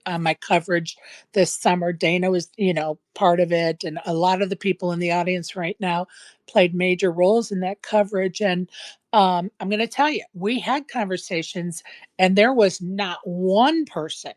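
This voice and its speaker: A woman's voice: on the low side, fairly even intonation, moderate pace, no echo. A woman hosting a casual podcast chat, talking emphatically and repeating her points for stress, with a case of the hiccups. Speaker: podcast host.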